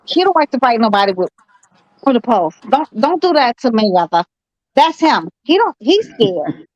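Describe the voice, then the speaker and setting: A woman in a casual group chat, animated and slangy, talking over the others. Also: on the high side, normal speed, no room sound, muffled recording. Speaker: chat participant.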